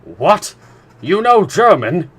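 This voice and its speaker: A man's voice: mid-range voice, normal speed, close to an everyday voice. A man reading a novel aloud, voicing a learned professor who speaks emphatically and exclaims. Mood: emphatic.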